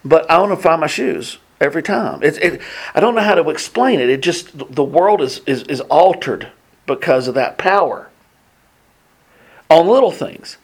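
Man, bible class teacher, slightly high voice, excited storytelling, lots of false starts. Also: normal speed, breathy edge. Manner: earnest storytelling, excited, many restarts. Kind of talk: casual teaching talk with personal stories.

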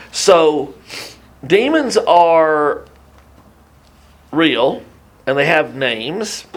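A man preaching a Bible teaching in an animated, conversational way, often restarting his sentences and adding asides. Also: a little high. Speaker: pastor.

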